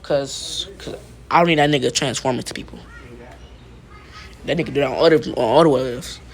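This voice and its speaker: A man's voice: mid-range voice, brisk, creaky. A young man casually retelling a fan-made story, stumbling over restarts and tossing in profane slang. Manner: stammering restarts, profane slang, laughs at himself.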